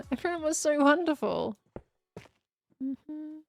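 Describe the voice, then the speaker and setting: A woman's voice: high voice, animated, takes it slowly, gravelly, faint music behind. A woman, chatting casually on a live stream, rambling and laughing as she reads chat. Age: 20s.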